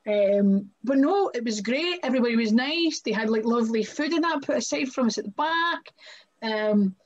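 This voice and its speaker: A woman with a Scottish accent telling stories as a wrestler guest on a podcast, chatty and animated, often laughing and saying "like" and "right?". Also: fairly high pitch, normal speed. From Scotland. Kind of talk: casual storytelling interview. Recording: muffled lo-fi audio.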